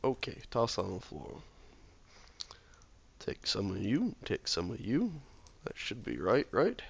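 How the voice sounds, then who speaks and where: A hoarse, ill man talking himself through a game, often muttering softly or near a whisper. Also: lowish voice, huge pitch swings, slow. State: hoarse from illness. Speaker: gameplay video maker. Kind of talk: relaxed gameplay commentary.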